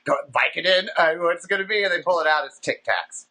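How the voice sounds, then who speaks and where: A man with a fairly high, bright voice spins a rambling, profane story on a casual podcast. His pitch swings widely as he talks, giving the tale an animated, lively bounce. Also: fast. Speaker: podcast host.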